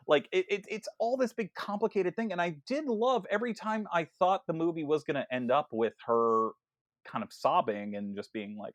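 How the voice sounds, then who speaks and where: A man talks through a film on a casual podcast, his fairly high voice swinging up and down as he acts out bits of dialogue. He stumbles and restarts often, full of energy. The sound is dry and close. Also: normal speed, dry recording. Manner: animated, stammering restarts, acts out quoted lines. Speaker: podcast co-host.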